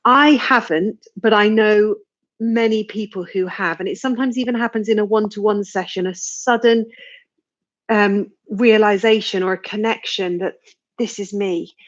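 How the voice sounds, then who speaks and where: A woman leading a live tapping session, giving slow, soothing guidance and phrases to repeat, with sighs and yawns along the way. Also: mid-range voice, steady tone, dull audio.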